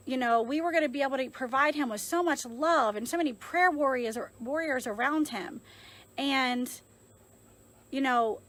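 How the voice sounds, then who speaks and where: Woman, 30s, high voice, crisp bright tone, earnest, reflective, phone vlog. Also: low-quality recording. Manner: earnest, reflective, full of fillers. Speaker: mother sharing her story. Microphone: phone held in hand.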